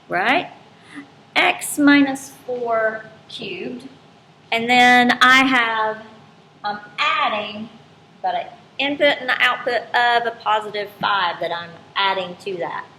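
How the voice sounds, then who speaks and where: A woman's voice: medium pitch, bright, forceful tone. A woman teaching an algebra lesson in a casual, chatty way, correcting herself as she goes. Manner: chatty, informal, self-correcting. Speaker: math teacher. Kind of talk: recorded classroom lesson. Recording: roomy with faint background noise.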